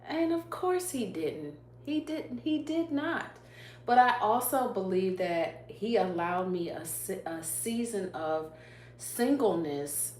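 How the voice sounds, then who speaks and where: A woman's voice: medium pitch, lively intonation, takes it slowly, a little mellow. A woman hosting a livestream, sharing an emotional faith testimony in an earnest way and answering viewer comments. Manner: earnest, emotional, laughs often; reads viewer comments aloud. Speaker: YouTube livestream host. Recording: echoey room, faint hum.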